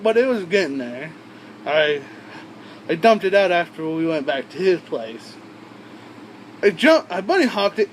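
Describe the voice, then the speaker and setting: A man's voice: sits high, a little hiss or hum, rough recording. A young man vlogging, telling a rambling story with swearing and many side explanations. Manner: rambling, profane, with frequent asides and restarts.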